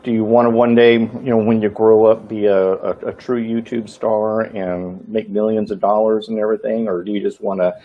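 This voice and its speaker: A man hosting an interview, asking halting, rambling questions. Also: on the low side, level tone. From Texas. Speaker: interview host. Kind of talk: casual interview. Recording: dull lo-fi audio.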